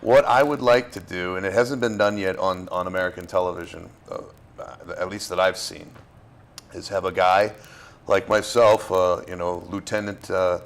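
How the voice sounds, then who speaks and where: An actor from Florida, appearing as a guest in a casual interview, speaks in a low, steady voice at a moderate pace. His talk is loose and rambling, full of fillers and restarts.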